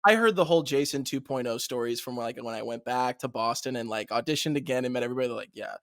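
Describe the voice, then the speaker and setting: A man's voice: medium pitch, fast talker, no room sound, studio quality. A young man hosting a podcast, telling stories in casual chat and laughing often. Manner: laughs often, animated storytelling. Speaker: podcast host.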